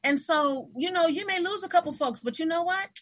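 A woman hosting an interview, telling personal stories in a casual, animated way and acting out the voices of people she quotes. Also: high voice, fairly quick. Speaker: host.

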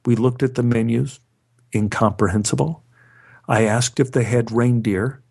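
A male storyteller with a middle-pitched voice, narrating a scripted personal tale. His delivery is wry and dry, landing jokes with a straight face. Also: steady tone, moderate pace, gravelly, a little mellow, husky. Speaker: storyteller, actor.

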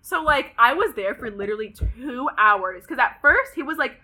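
A roughly twenty-year-old woman from Pasadena, California, appears as a podcast guest and retells a story with heavy drama in a casual chat. Her voice is very bright and a little high, her pace moderate with few pauses, and she's animated, piling on "like" and swearing freely.

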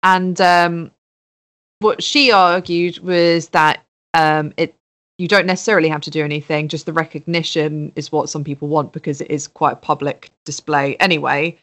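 Woman co-host, lower voice, thoughtful and hesitant, casual podcast chat. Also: level tone, moderate pace, a bit bright.

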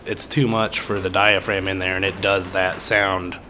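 A man's voice: deep voice, normal speed, a little hiss or hum. A young adult man co-hosting a podcast, joking and bantering in a casual chat. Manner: joking, playful, animated. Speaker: podcast co-host.

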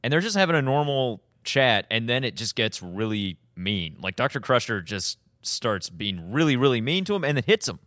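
A man in his thirties co-hosting a podcast, recapping an episode in casual chat, animated and laughing often. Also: medium pitch, moderate pace, hardly any pauses, no echo, studio quality. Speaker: podcast co-host.

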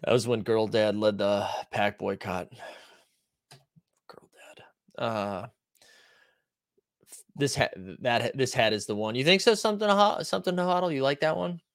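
A man's voice: mid-range voice, brisk, hardly any pauses, fairly bright tone, no echo, clean studio sound. A man hosting a casual stream, reading viewer comments aloud in a loose, conversational way, full of likes and ums. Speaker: stream host.

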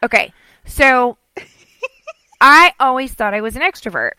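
Bright-voiced chatty middle-aged woman. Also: high voice, animated, slow pace, smooth, dry recording. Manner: chatty, rambling storyteller, acts out quotes. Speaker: podcast co-host. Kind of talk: casual chat.

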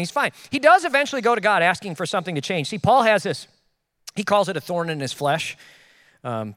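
A man preaching a sermon in a casual, joking way, with quick asides to the congregation. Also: high voice, bright, forceful tone, no room sound, clean studio sound. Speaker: pastor. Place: church.

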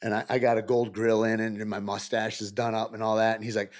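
A middle-aged man, a guest in a casual interview, telling stories and acting out quoted dialogue with a lively, rising voice. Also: a little fast. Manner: animated, acts out quoted dialogue with rising pitch. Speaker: podcast guest.

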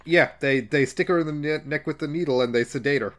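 A man co-hosting a casual podcast, chiming in with short, relaxed remarks. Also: on the high side, quick pace. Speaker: podcast co-host. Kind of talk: casual chat.

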